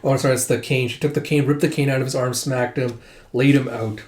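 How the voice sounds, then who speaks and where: Comic readthrough host; profane live reactions, roomy echo. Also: male voice, mid-range voice, fairly even intonation, fairly quick, a little mellow. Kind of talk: reading aloud with live reactions. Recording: echoey room.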